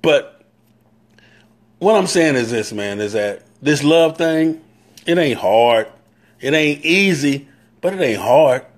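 A man's voice: fairly high pitch, expressive, takes it slowly, pauses often. Earnest man preaching to stream viewers. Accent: Southern US. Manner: preachy, repetitive, greets viewers by name. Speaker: motorcycle club leader. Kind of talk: live-stream talk to viewers.

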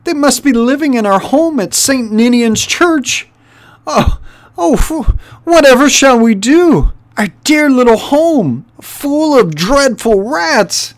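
A man voicing a frantic, sobbing old female church mouse in a storybook reading, in a high wailing voice. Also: lively intonation, slow pace, exaggerated voice. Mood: distraught.

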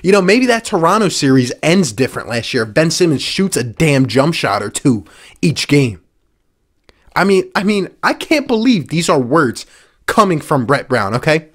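At a moderate pace and in a slightly high, sing-song voice, a Philadelphia-area man rants angrily on his sports show. He comes across as sarcastically exasperated, repeating points for emphasis.

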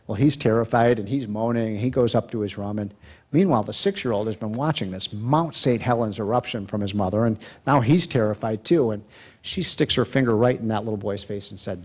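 A man's voice: medium pitch, moderate pace. A folksy man telling a story to an audience. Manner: folksy, rambling, many fillers. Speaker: guest speaker. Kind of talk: public speech with an anecdote.

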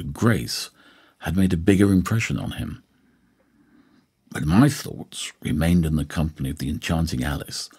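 A man reading a novel aloud as an audiobook narrator, in a measured storytelling manner. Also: deep voice, darkish tone, husky. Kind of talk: scripted narration.

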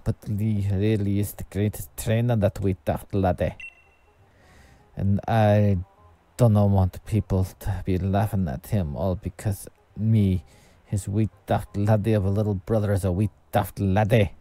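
A man voicing an anxious, self-doubting teenage boy rival trainer, talking slowly and gloomily. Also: steady tone, dark tone, no room sound, lightly acted. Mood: downcast. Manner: slow, gloomy self-talk that spirals into high strained cries.

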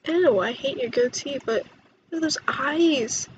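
Excitable high-voiced woman gaming. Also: measured pace, slight background noise, poor audio. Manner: excitable, chatty, gasps and laughs. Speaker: gaming YouTuber. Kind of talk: let's play commentary.

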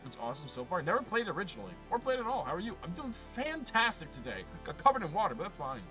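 A man's voice: high-pitched, big pitch swings, racing, sharp tone, soft background music. A man streaming a game live, chatting casually, joking and reading messages aloud. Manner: joking, reads chat aloud. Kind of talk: casual live gameplay chat.

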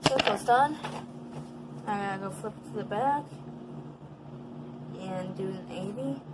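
A woman's voice: mid-range voice, slow pace, very noisy. A woman talking casually in a home vlog, counting her exercises aloud and chatting to her dogs. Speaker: vlogger.

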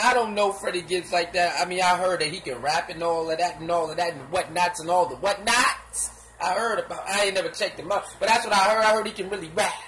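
Bright-voiced man doing animated gossip commentary. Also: high voice, slight background noise. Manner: animated, laughing, slangy, acts out quotes; sound effects and repeated filler phrases.

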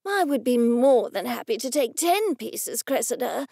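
A woman voicing an older male gallery owner who gushes with slow, drawn-out enthusiasm, in an audiobook. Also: fairly high pitch, big pitch swings, gravelly, mellow, breathy edge, dry recording, studio quality, exaggerated voice. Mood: gushing.

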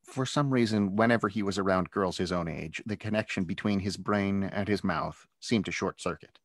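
A man with a deep, low voice reads his own adventure story aloud, steady and expressive. The sound is dry and close, with no room echo. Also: normal speed. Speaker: author reading his own book. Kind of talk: storybook read-aloud narration.

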